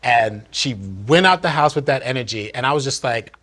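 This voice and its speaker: A man's voice: mid-range voice, a little fast, a bit bright. A man from New Jersey earnestly and candidly telling a personal story in one unedited take, reflective as he looks back.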